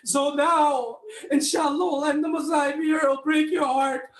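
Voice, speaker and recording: A man delivering an impassioned sermon to a congregation, often raising his voice to a near shout and putting questions directly to his listeners. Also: very high-pitched, steady tone, measured pace. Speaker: speaker at a mourning gathering. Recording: echoey hall.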